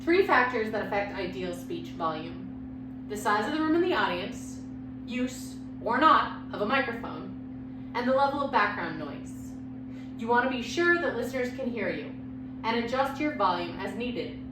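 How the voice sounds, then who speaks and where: A woman lecturing on public speaking with a loud voice and lively, expressive pitch. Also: normal speed. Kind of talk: recorded lecture. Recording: echoey room, mic far off, background hum.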